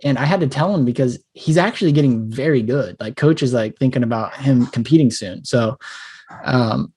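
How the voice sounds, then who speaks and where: Man, podcast co-host, casual chat, blunt, profane, animated storyteller, mid pitch. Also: normal speed, breathy edge.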